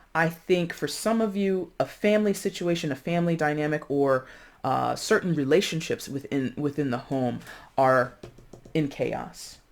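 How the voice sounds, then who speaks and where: Casual, laughing tarot reader, mid-pitched, chatty with playful asides. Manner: chatty, laughs often, frequent "right?" and "like"; playful asides, drops into mock voices. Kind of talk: casual tarot reading monologue.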